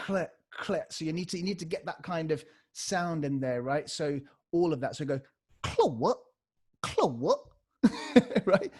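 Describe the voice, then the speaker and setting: A man's voice: on the high side, a little mellow. A man leading a live online beatbox workshop on a video call, energetically demonstrating vocal scratch sounds.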